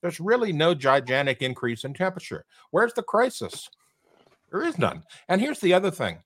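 A man's voice: on the high side, normal speed. A man hosting a panel discussion, walking through charts and asking rhetorical questions. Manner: animated, fond of rhetorical questions. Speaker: show host.

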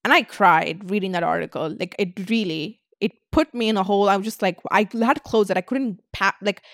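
A woman's voice: mid-range voice, a little fast, no room sound. Blunt, swearing woman vlogger, dry sound. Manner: blunt and heavy on swearing, breaks into mock voices of critics. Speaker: internet influencer. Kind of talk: casual vlog rant.

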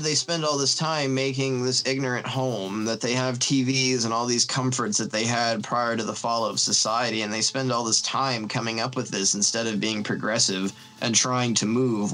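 A man's voice: medium pitch, poor audio. Guy ranting about movies, sarcastic and swears a lot, faint music behind. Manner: animated, profane, sarcastic. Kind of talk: casual film discussion.

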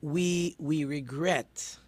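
A man's voice: on the high side, steady tone, very slow, a little mellow, no room sound. A man leads an informal religious lesson in a somewhat raised register. He talks it through conversationally, full of rhetorical questions, ums and little restarts. The sound is dry and close. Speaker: Torah teacher.

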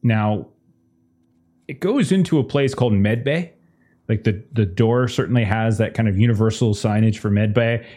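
A man's voice: lowish voice, moderate pace, mellow. A man narrating as game master, casual and full of fillers.

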